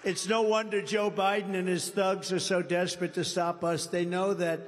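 A man giving a campaign rally speech in a large indoor venue. He rambles and repeats himself for emphasis, swinging from shouted lines to low asides. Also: level tone, normal speed. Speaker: political candidate. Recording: reverberant hall, faint background noise.

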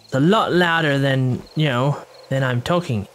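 A playful gameplay commentator talking in a hushed voice at home at night, humming silly sound effects while working. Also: medium pitch, moderate pace, a little hiss or hum. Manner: hushed, keeping quiet for a sleeping household.

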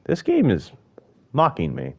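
Slow-talking man cursing through gameplay. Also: medium pitch, wildly swooping pitch, gravelly, slightly rough. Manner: swears a lot, mutters to himself, bursts into loud frustrated yelps. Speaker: gaming video host. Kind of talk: live gameplay commentary.

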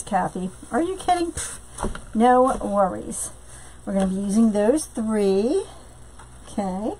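A woman's voice: medium pitch, darkish tone, a little hiss or hum, rough recording. A woman hosting a live craft tutorial from home, chatting with viewers and greeting them by name between steps, with lots of fillers. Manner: many fillers, slow drawn-out greetings. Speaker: craft live-stream host.

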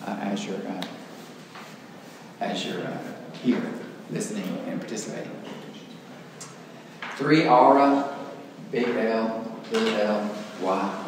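A man with an East Texas accent teaching an adult church class, chatty and self-deprecating, with hesitant fillers. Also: on the low side. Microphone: distant room mic. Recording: echoey hall, voice far from mic, faint noise.

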